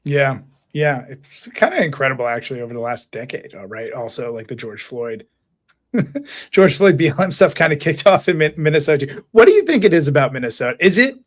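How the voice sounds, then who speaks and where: A man's voice: medium pitch, expressive, fairly quick. A man co-hosts a live political talk show in a casual, joking way. His voice sits in a middle range, and he speaks bluntly and plainly. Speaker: co-host.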